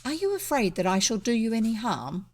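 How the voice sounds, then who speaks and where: A woman with a New Zealand accent voicing a bold but gentle male highwayman in a storybook reading, moving between commanding orders and soft gallantry. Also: very animated, a little fast. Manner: commanding, then softly gallant.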